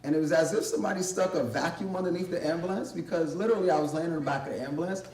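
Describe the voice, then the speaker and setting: A man's voice: a little high, very fast, darkish tone, slight background noise. Man telling a vivid personal story in an echoey room. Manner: vivid, conversational, acts out quoted voices. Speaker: guest speaker. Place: college library event space. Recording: echoey room, distant mic, faint ambience.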